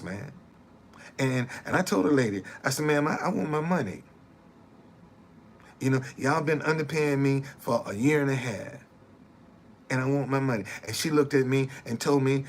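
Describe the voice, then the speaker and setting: A man's voice: medium pitch, a little hiss or hum. A middle-aged man, a former bus driver, telling his story in casual, emphatic talk and repeating his points.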